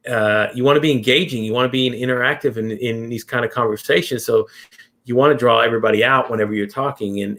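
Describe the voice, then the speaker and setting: A male host chatting with a guest in a loose, unscripted way. He circles around his points, stopping and restarting sentences with plenty of fillers, at a mid pitch and an everyday pace. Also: a bit bright. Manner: rambling, many restarts and fillers. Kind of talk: casual interview chat.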